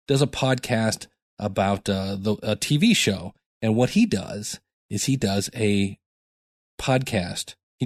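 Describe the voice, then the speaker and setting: A man's voice: lowish voice, no room sound, clean studio sound. A man hosting his own podcast, talking casually and rambling with jokey asides, tired from lack of sleep. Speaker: podcast host. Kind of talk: casual solo podcast talk.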